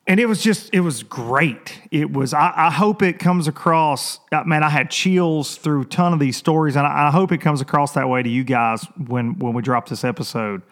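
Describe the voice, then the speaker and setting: A man hosting a fishing show, talking casually and excitably with lots of restarts and teasing jokes. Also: a little high, moderate pace, hardly any pauses. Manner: rambling and excitable, many restarts. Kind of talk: casual vlog opening talk.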